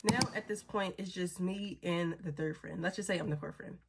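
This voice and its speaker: A woman, a mother, telling a story in a casual, animated and blunt way, swearing freely. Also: fairly low pitch, normal speed, husky, soft background music.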